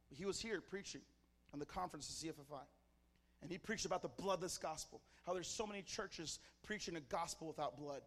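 Male pastor, passionate sermon delivery, high-pitched. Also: long reverb tail. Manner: passionate, builds to shouting.

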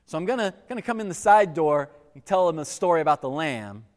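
A man's voice: on the high side, expressive, a little fast, natural voice. A man voicing a blunt, shrewd biblical prophet who speaks directly and plainly during a sermon. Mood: scheming. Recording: echoey hall with long reverb.

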